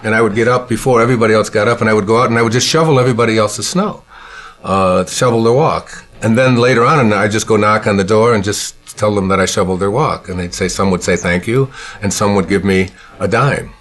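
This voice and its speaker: A man from Michigan telling stories from his childhood in an unhurried, reflective way, often pausing to search for words. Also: lowish voice, a bit bright. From Michigan, USA. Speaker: speaker recalling his childhood. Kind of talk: personal storytelling.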